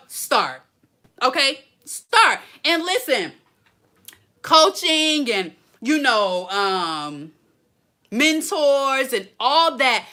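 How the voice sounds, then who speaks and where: A woman coaching viewers on a live stream, energetic and preachy, full of slang and laughter, talking into her phone. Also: sits high. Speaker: blogging coach hosting a live Q&A. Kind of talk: casual live-stream talk. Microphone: phone held close.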